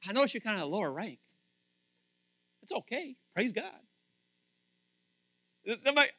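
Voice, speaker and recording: A man preaching a casual sermon, animated and acting out little scenes with different voices. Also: high voice, measured pace, pauses often, no room sound.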